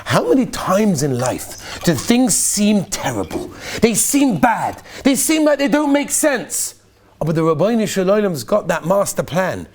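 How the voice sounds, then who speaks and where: A man, a rabbi, giving a Purim sermon full of stories, animated and rising toward near-shouts, with Yiddish and Hebrew words mixed into his English. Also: high-pitched, unhurried.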